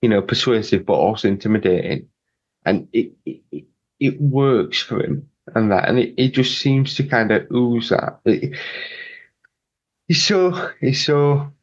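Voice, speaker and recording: A man co-hosting a casual podcast, talking in a loose, rambling way, doubling back and restarting his sentences. His voice sits at an ordinary middle pitch. The sound is dull and a little lo-fi. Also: expressive, unhurried. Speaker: podcast co-host. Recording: dull lo-fi mic.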